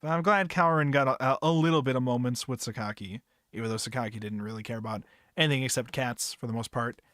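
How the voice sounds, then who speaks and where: A man's voice: mid-range voice, fairly even intonation, quick pace, a bit bright, dry recording, studio quality. A man hosting a podcast book club, chatting casually in a rambling, profane, laid-back way. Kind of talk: casual chat.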